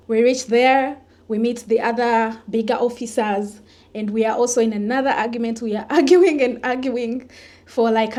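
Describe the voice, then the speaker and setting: Lively woman telling a story. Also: a little high. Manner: animated retelling that acts out the dialogue. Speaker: vlogger. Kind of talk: personal storytelling.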